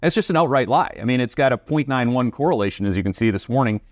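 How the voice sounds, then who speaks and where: A man's voice: medium pitch, animated, quick pace, dry recording, clean studio sound. A Canadian man hosting a market commentary show, talking bluntly and emphatically with many fillers. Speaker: investment show host.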